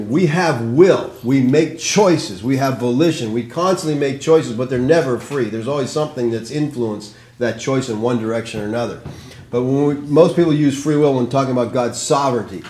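A man's voice: mid-range voice, normal speed, a little mellow, echoey room. A man leading a Bible study as pastor, plain-spoken and conversational, often checking in with the group. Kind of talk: teaching sermon with group discussion.

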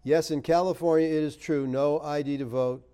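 Middle-aged man, pastor answering viewer comments; relaxed dark timbre, chatty and emphatic. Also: normal speed, smooth. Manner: chatty, laughs often, rises emphatic then drops low. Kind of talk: casual live-stream chat reading comments.

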